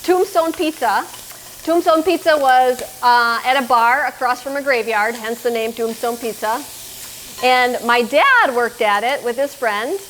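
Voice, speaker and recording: A woman's voice: fairly high pitch, unhurried, fairly bright tone, slight background noise, poor audio. Chatty middle-aged woman cooking at home. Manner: chatty, explains each step while talking to her son. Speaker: cooking show host. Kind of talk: casual cooking demonstration. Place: home kitchen.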